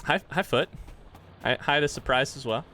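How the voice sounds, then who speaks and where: A man's voice: mid-range voice, moderate pace, pushed and bright, a little hiss or hum. Male streamer, winded from push-ups, rambly live chat with his viewers. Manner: rambling, thanks chat by name, thinks aloud. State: out of breath.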